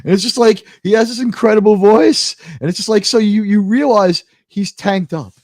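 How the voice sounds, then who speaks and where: An American man hosting a live talk show, telling stories in a rambling, animated way with lots of fillers. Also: sits high, moderate pace, dry recording, clean studio sound. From United States. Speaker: host.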